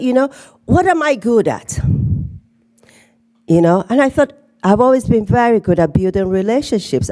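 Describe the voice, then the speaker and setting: Speaking in a warm, medium-pitched voice, a middle-aged Nigerian keynote speaker has fun with the conference-hall crowd, teasing them throughout. Her accent blends Nigerian and a little British.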